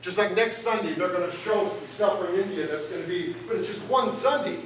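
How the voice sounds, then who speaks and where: Joking pastor in an echoey church. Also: male voice, high-pitched, fairly quick, slight background noise. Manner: conversational and joking with the congregation. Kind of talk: sermon. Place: church sanctuary. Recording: roomy church sound from a distance. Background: guitar music.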